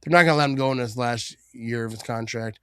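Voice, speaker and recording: A man hosting a live watch party, calling the plays and reacting with excitable energy. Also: medium pitch, smooth, no echo, clean studio sound. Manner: calls plays rapidly, bursts into excited shouting. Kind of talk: play-by-play commentary.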